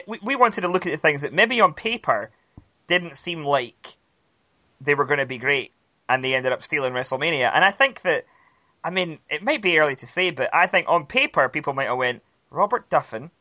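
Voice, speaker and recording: A man's voice: fairly high pitch, pushed and bright, dry recording. A man co-hosting a podcast in casual chat, playful and teasing. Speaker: podcast co-host.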